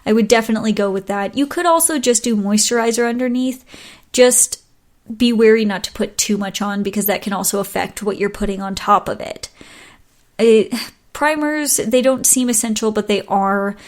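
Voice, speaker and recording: A woman's voice: mid-range voice, normal speed. A woman hosting a solo podcast, giving advice in a chatty, casual way, often stumbling over words and laughing at her own slips. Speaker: podcast host.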